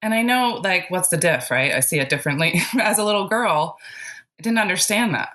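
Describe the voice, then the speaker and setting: A woman's voice: lowish voice, expressive, a little fast, a bit bright. A woman telling a childhood story in a casual spiritual chat, laughing often and using lots of fillers. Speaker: podcast guest.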